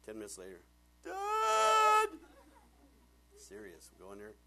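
A man in his thirties preaching a sermon, animated and jokey, acting out voices as he tells stories. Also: medium pitch, moderate pace, background noise. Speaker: pastor.

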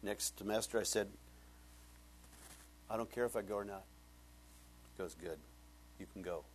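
Low-voiced pastor telling stories animatedly. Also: male voice, moderate pace, slight background noise. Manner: animated, acts out dialogue, voice rising high when excited. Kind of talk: sermon with storytelling.

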